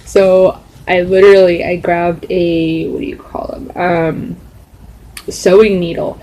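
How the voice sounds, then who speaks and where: A woman's voice: on the low side, little pitch movement, slow pace, mellow, low-quality recording. A young adult woman telling a story in a casual, rambling vlog style, full of fillers. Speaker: vlogger.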